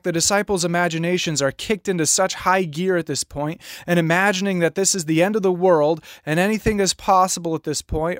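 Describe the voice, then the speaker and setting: A man from New Jersey preaching a sermon, telling the story with drama and slowing down, dropping low on key words. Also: no echo, studio quality. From New Jersey, USA. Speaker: pastor.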